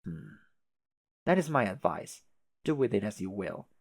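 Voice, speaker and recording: A man's voice: lowish voice, sing-song, a little slow, no echo, exaggerated voice. A man voicing a fussy, long-winded advisor who speaks in a put-on British manner, formal and wordy. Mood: rousing. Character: prim, verbose troll advisor putting on a British manner.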